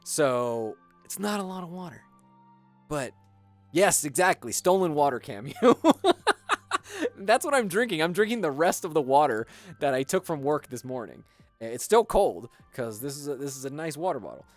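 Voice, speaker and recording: Big swings in pitch mark this mid-range, normal-speed voice of an American streamer, with faint music behind. It's laid-back livestream talk during a build: rambling, profane storytelling with lots of fillers.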